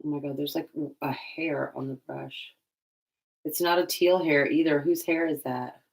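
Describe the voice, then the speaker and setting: A woman's voice: sits low, fairly even intonation, moderate pace, vocal fry. A woman vlogger chatting casually while painting, rambling and laughing often.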